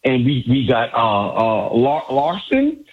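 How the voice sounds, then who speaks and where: A man calling in to a sports radio show, excited, boastful and repeating himself. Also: mid-range voice, takes it slowly, husky. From United States. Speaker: caller. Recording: muffled phone line.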